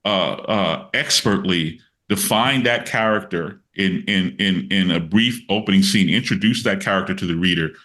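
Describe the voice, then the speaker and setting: Older man, bright animated storyteller. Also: low-pitched, normal speed, hardly any pauses. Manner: animated storyteller, many restarts, acts out quotes. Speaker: guest comics writer. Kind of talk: casual interview chat.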